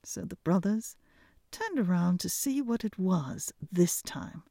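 A woman reading a fairy tale aloud in an expressive storytelling manner. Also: fairly low pitch, creaky, no echo, studio quality. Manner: expressive, unhurried.

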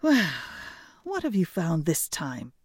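A woman's voice: on the low side, huge pitch swings, slow pace, no echo, studio quality, exaggerated voice. A woman voicing two smug, learned young brothers who mock their sibling in a storybook reading. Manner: mocking, self-satisfied.

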